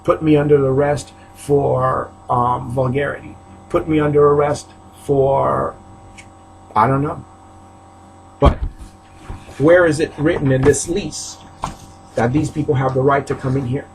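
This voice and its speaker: A man's voice: mid-range voice, steady tone, unhurried, creaky, pauses often, slight background noise, low-quality recording. A man from Haiti ranting to camera in his apartment, aggrieved and repetitive, often rising into outbursts. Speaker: preacher. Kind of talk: agitated video rant. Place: apartment, indoors.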